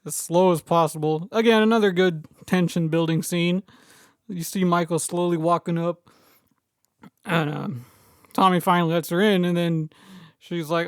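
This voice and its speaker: A man co-hosting a horror podcast, recapping the film in a wry, deadpan casual chat and correcting details. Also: high-pitched, moderate pace, clear, resonant tone, no room sound, studio quality. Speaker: podcast co-host.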